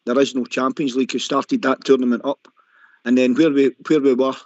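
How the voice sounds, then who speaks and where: Matey Scottish caller on a dull line. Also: male voice, mid-range voice, flat delivery, a little fast, a little mellow, no echo. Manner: matey, repeats "mate", passionate. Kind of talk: casual football phone-in chat.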